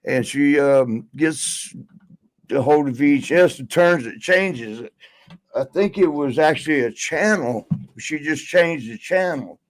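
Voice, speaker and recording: A man's voice: a little high, expressive, a little slow, dry recording, poor audio. A man telling a long road story in casual podcast chat, rambling with many fillers. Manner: rambling, lots of fillers and laughs. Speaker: podcast guest.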